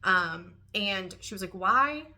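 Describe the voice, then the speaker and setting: A young woman with a bright, crisp voice chats to camera about books she has read. She is animated and quick to laugh, and she fills her pauses with "um" and "like". Her pitch sits in an everyday middle range. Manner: chatty, animated, laughs often, many "um" and "like". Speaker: book reviewer. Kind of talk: casual book review vlog.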